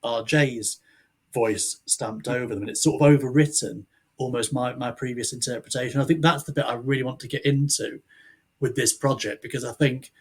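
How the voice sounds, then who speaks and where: A man's voice: mid-range voice, steady tone, normal speed, breathy edge. A man, an author, chatting casually as a podcast guest, rambling and restarting his sentences with the odd chuckle. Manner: rambling, self-interrupting, chuckling.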